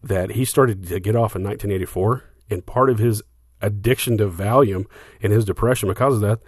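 A man's voice: lowish voice, brisk, breathy edge, no room sound, studio quality. A man co-hosting a podcast, casually explaining music history with lots of fillers and restarts. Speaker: podcast co-host.

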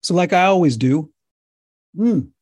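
A man giving an impassioned lecture-style talk to viewers, emphatic and repetitive, his voice getting hoarse. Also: mid-range voice, normal speed, a little mellow, dry recording, clean studio sound. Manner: emphatic, preachy, repeats himself. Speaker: speaker addressing viewers.

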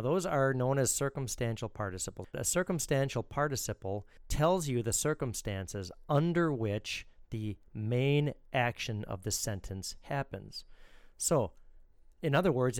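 A man's voice: medium pitch, animated, measured pace, no room sound, clean studio sound. A man, a Lutheran pastor co-hosting a show, explaining scripture and critiquing a sermon in a teacherly way.

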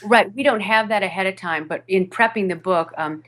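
A woman who narrates audiobooks, chatting animatedly in an interview, with fillers and quick restarts. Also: mid-range voice, a bit bright. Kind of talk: podcast interview chat. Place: home studio over a video call.

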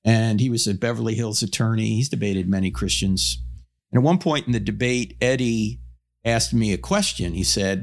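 A man giving a public talk on Christian theology, animated, shifting his pace and pitch for emphasis and telling stories with humor. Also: moderate pace, gravelly. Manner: storytelling with humor. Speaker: Christian apologist speaker.

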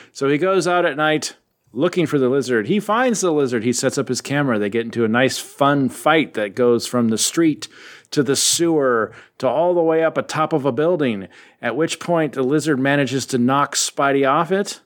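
A man recaps a story in loose, rambling chat, his voice sitting in an ordinary middle register. He jumps in and out of quick character voices and keeps a playful, offhand tone. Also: medium pitch. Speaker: podcast host recapping comics. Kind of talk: casual chat.

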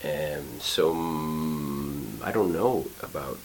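Deep, low middle-aged actor, animated interview storyteller; faint hiss. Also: male voice, very slow, rough recording. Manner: animated, acts out quotes, lots of restarts. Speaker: actor and acting teacher. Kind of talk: casual interview conversation. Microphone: studio mic.

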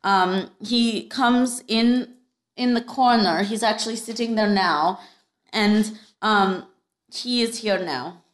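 A woman's voice: medium pitch, slow pace, roomy sound. A woman hosting a comedy podcast, playfully improvising as a bachelorette and laughing often. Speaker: podcast host playing a bachelorette.

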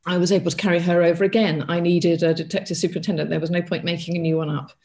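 A middle-aged woman speaks with a noticeable gravelly fry in her voice. She is an author answering an interviewer's questions. She thinks aloud, backtracks and restarts her sentences. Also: fairly low pitch, little pitch movement, rapid-fire, darkish tone. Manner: thoughtful, with frequent restarts and asides.

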